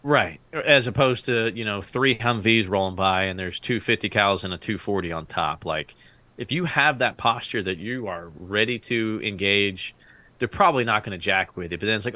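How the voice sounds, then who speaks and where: Bright-voiced veteran man telling war stories. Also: fairly low pitch, normal speed, no room sound. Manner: rambling, laughs often, acts out quotes. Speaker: Iraq War veteran guest. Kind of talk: casual podcast storytelling.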